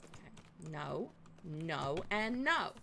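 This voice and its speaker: Animated, gravelly woman streaming a game. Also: low-pitched, drawn-out words, slight background noise. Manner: swears, groans and laughs at herself. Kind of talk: casual gameplay commentary.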